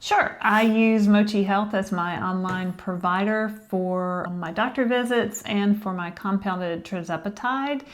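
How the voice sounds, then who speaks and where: A woman's voice: medium pitch, measured pace, hardly any pauses. A woman co-hosting a casual chat show, talking in a rambling, chatty way and dropping to a whisper for asides. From Tennessee. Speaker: co-host.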